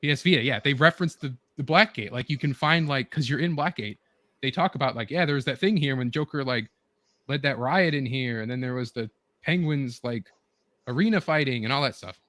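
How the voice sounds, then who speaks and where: A man of middle pitch chats with friends in a loose, rambling way, stacking fillers and false starts as he piles on details. His voice sits close to the mic with a dry, roomless sound. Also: a little fast, a bit bright, no echo. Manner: rambling, filler-heavy, eager retelling. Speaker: show host. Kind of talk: casual chat with friends.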